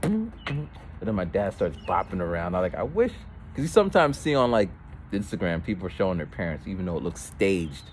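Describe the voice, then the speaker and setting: A man with a low voice tells a long, rambling story as he walks down a street, his pitch rising and falling a lot as he talks. Passing cars and street noise are clearly heard behind him. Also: big pitch swings, a little fast. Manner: rambling, with false starts and voiced quotes of others. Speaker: vlogger. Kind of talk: casual storytelling while walking. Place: outdoors on a street.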